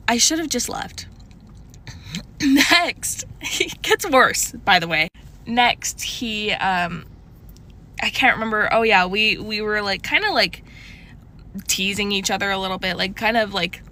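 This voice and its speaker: A woman in her twenties telling a casual storytime, chatty and animated, full of likes and restarts. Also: slight background noise. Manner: animated, shifting pitch often.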